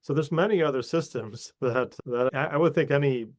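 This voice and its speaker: A man's voice: mid-range voice, moderate pace. A man appearing as a guest on an interview podcast, answering in an earnest, matter-of-fact way and listing examples. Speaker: guest, hospital integration architect.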